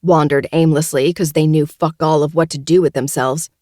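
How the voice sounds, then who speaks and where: A woman's voice: deep voice, steady tone, normal speed, mellow, no echo, studio quality. A woman voicing a venomous, cornered young woman who seethes, screeches and pleads. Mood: seething.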